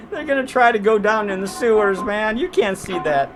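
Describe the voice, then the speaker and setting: Brief: man, casual cursing film reviewer, lively pitch, laughs a lot. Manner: profane, laughing, rambling. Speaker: movie reviewer. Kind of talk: casual movie review commentary.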